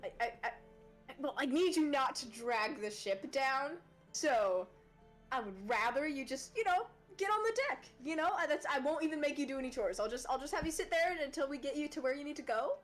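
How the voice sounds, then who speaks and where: A woman's voice: sits high, animated, a little fast, soft background music. A woman voicing a fearful, blustering male ship captain in a tabletop game, rambling and full of fillers. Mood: pleading. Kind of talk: tabletop role-play.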